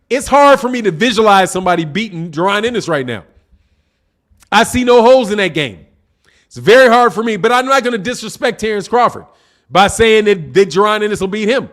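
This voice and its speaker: Heated high-voiced man on a boxing livestream. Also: fairly bright tone. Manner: blunt, heated, mocking commenters, repeats himself. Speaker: boxing channel host. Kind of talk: livestream commentary reading chat.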